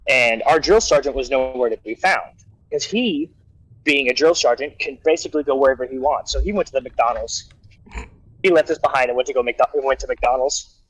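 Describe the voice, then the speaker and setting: A man's voice: medium pitch, brisk, a bit bright, husky, no room sound, rough recording. A man telling a long personal story in casual talk, acting out quotes, with many restarts. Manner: rambling anecdote with acted-out quotes and restarts. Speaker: guest storyteller.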